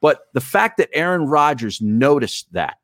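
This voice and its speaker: A man's voice: on the high side, sing-song, unhurried, fairly bright tone, no echo, studio quality. A man hosting sports talk radio who steers the conversation, easygoing with frequent "uh" and "you know.".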